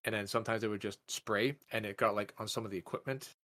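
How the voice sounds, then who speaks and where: A man co-hosting a podcast, telling a long story in a loose, profane way, padding it with "like" and acting out quotes in a raised voice. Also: quick pace. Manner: profane, animated storyteller with many "like" fillers; jumps up in pitch when acting out quotes. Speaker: podcast co-host. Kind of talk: casual storytelling chat.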